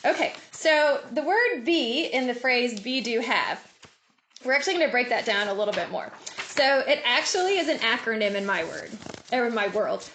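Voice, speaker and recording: A woman giving a lively motivational talk over a video call, laughing often and acting out inner voices. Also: on the high side, normal speed, slight background noise. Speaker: guest speaker.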